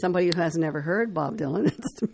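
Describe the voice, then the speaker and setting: A woman's voice: lowish voice, lively intonation, quick pace, creaky, noisy background. A woman hosting a radio call-in show, reading this-day-in-history items aloud with small stumbles and chatty asides. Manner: reads items aloud with stumbles on names and side comments. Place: radio studio.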